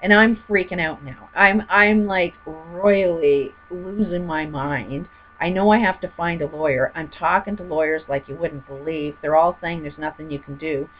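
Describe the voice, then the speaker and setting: A woman's voice: low voice, normal speed, few pauses, muffled recording, slight background noise. A woman telling a personal story in a rambling, heated way, full of fillers. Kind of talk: personal testimony monologue.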